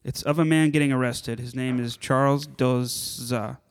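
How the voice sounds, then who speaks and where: A man's voice: medium pitch, fairly even intonation, normal speed, background noise. A man hosting a casual comedy podcast, laughing often and swearing freely. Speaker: podcast host.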